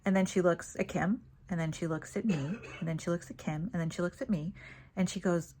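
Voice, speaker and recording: Woman vlogger, lower-pitched, casual storyteller, animated and quick to laugh. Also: slight background noise. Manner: chatty, animated, laughs easily.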